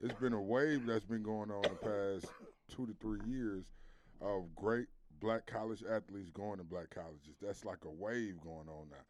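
A man on a podcast arguing his point firmly and deliberately in casual debate. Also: lowish voice, slight background noise. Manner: argumentative, firm, measured.

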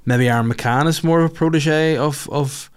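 A man's voice: on the high side, moderate pace, clear, resonant tone. A man hosts a comedy podcast in loose, rambling chat. He answers listener questions with crude, sarcastic riffs and plenty of swearing. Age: older than the others, adult.

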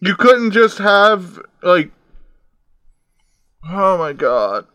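A man reacts to a film in casual watch-along commentary. His voice sits high and swings widely as he heckles the characters in exasperation. The sound is dry and close, with no room echo. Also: very animated, extremely slow, clean tone. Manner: exasperated, yells insults at the screen.

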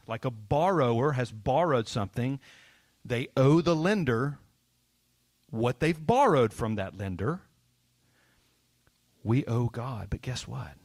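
A man preaching a children's sermon in a bright, playful teaching manner, tossing questions to the kids as he goes. His voice sits in an ordinary middle pitch, recorded close and dry with no room sound. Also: dry recording.

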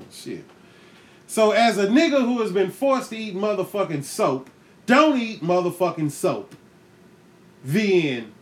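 A man hosting a podcast, telling a comic story in a profane, animated way, laughing often and acting out the voices in it. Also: high voice, slow, long pauses. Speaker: podcast host. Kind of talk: comedic storytelling monologue.

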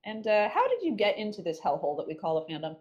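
A woman's voice: medium pitch, huge pitch swings, fast, darkish tone, muffled recording. A woman hosting a casual podcast, crude and self-mocking, swearing freely. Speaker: podcast host.

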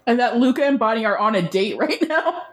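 A woman's voice: a little high, expressive, brisk. A woman co-hosting a podcast, chatting playfully and laughing while recapping a show. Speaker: podcast co-host. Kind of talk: casual TV recap chat.

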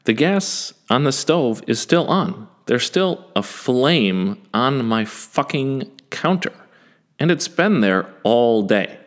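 A man in his forties telling a first-person story in a self-deprecating, animated way, with some swearing. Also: mid-range voice, takes it slowly. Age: 40s.

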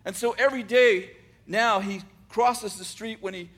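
A man telling a story aloud, unhurried, with dramatic pauses and frequent restarts. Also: sits high, fairly even intonation, fairly bright tone. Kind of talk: oral storytelling.

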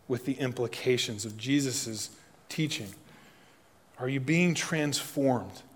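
A pastor with a mid-range voice preaches a sermon, shifting between loud, emphatic lines and soft, hushed appeals while putting direct questions to his listeners. The recording carries the long reverb of a large hall.

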